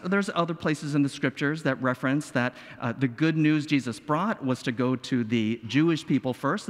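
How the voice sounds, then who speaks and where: A male pastor preaching a sermon, expressive and full of rhetorical questions and dramatic pauses. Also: fairly high pitch. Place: church sanctuary. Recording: long hall reverb.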